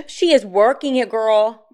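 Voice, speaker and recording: A woman co-hosting a casual podcast chat, telling stories in an animated, profane way. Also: lowish voice. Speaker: podcast co-host.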